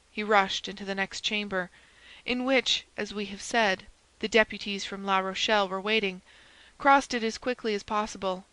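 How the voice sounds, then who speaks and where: A woman narrating a classic novel as an audiobook in a steady, measured reading. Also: mid-range voice, clear, resonant tone, dry recording, low-quality recording. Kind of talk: scripted narration.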